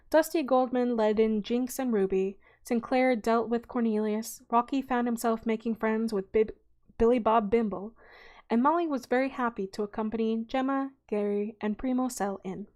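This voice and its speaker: Woman reading a children's novel aloud. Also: a little high. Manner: relaxed, unhurried reading with small slips.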